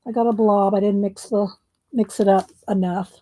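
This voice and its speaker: A hoarse woman narrates her painting in a relaxed, chatty way, half talking to herself. Her voice is mellow and husky, and she keeps clearing her throat. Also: mid-range voice, normal speed. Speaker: mixed-media art creator. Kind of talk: casual craft tutorial chat.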